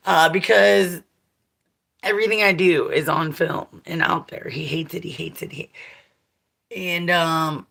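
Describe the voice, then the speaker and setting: A woman's voice: low-pitched, steady tone, a little slow, creaky, a bit bright. A woman in her forties talking casually to her viewers in a blunt, profane, rambling way, laughing often. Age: 40s. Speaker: vlogger.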